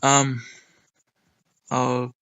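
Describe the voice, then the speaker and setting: A young man recapping a wrestling show in a rambling, excitable way, with lots of ums and some swearing. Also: medium pitch, extremely slow, clean tone, highs cut off. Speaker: wrestling reviewer. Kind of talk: casual recap monologue.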